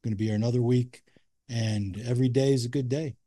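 A man's voice: mid-range voice, fairly even intonation, fast, dark tone, no echo. A man co-hosting a casual podcast chat from a cigar factory, talking in an upbeat, enthusiastic way. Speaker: podcast co-host.

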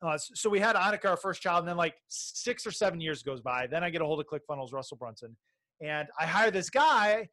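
A man's voice: on the high side, animated, a little fast, bright, forceful tone. A middle-aged man telling an entrepreneur story in casual chat, rambling with many restarts and fillers. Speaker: podcast guest, baby sleep business owner.

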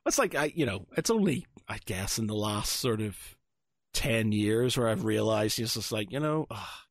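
A man's voice: lowish voice, normal speed, dry recording, studio quality. A man from Northern Ireland with a Northern Irish accent, co-hosting a podcast and rambling through stories full of fillers. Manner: rambling, animated storyteller with frequent fillers. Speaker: podcast co-host. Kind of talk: casual chat.

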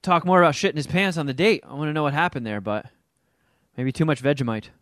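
A man co-hosting a casual podcast, making wry, deadpan asides. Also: fairly high pitch, fast talker, no room sound, clean studio sound. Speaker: podcast co-host.

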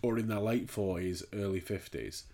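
A man's voice: low voice, steady tone, normal speed, warm tone. A man co-hosting a podcast, rambling and swearing in casual chat. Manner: sweary, rambling, laughs easily. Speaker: podcast co-host.

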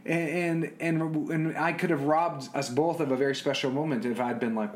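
A middle-aged man telling personal stories about being a father, animated, often repeating words and restarting sentences. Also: fairly high pitch, moderate pace. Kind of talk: casual storytelling.

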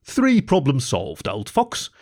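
A man's voice: medium pitch, wildly swooping pitch, slow, darkish tone, exaggerated voice. A man voicing a smug, scheming male innkeeper who gloats over his own cleverness. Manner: gloating, pleased with himself.

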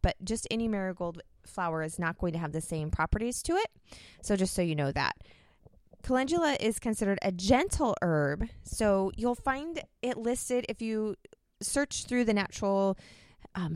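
A woman's voice: medium pitch, no room sound. A woman hosting her own podcast, talking in a chatty, upbeat way and laughing often. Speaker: podcast host. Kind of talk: casual podcast talk.

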